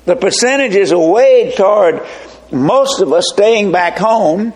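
An older man preaches in a high, swooping voice. He takes his time and leans hard on each phrase. Homespun asides break up the sermon. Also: expressive. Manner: slow, emphatic preaching with folksy asides. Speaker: pastor.

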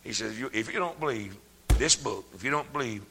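An older man preaching a sermon, folksy and plain-spoken, his voice swelling up into shouts. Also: mid-range voice, lively intonation, brisk, vocal fry, long reverb tail, background noise.

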